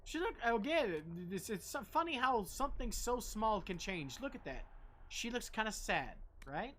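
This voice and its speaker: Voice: medium pitch, very animated, normal speed, a bit bright, a little hiss or hum. A game streamer giving casual, joking commentary with plenty of swearing and self-deprecating asides.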